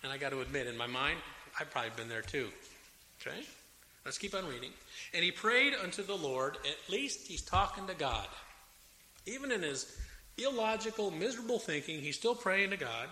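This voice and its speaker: A man preaching a sermon with a Southern American accent, animated and dramatic, raising his voice as he acts out the complaints of biblical figures. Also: a little high, normal speed. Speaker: pastor. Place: church sanctuary. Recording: echoey hall with faint room noise.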